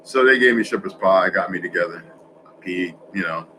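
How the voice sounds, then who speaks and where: A man's voice: sits low, brisk, background noise. Rambling man in a casual monologue. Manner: rambling, self-correcting, swinging between loud and hushed.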